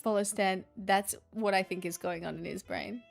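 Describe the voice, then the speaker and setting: A woman's voice: mid-range voice, fairly even intonation, normal speed, vocal fry, soft background music. An Australian woman hosting a casual live stream, chatting with viewers in a sarcastic, self-deprecating way. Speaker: livestream host.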